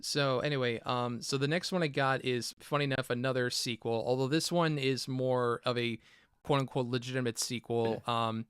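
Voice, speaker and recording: A man's voice: medium pitch, fairly even intonation, moderate pace, fairly bright tone, clean tone, no room sound, clean studio sound. A young man hosting a casual film chat, rambling with many fillers and acting out movie quotes. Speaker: podcast host.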